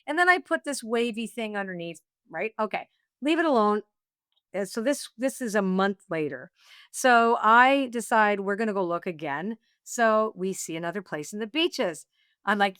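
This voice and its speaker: A woman being interviewed, telling a personal story in a lively, laughing way and acting out what she and others said. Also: medium pitch, a little slow, smooth, dry recording, clean studio sound. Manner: animated, laughing storyteller, acts out her own quotes. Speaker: guest, oracle deck author.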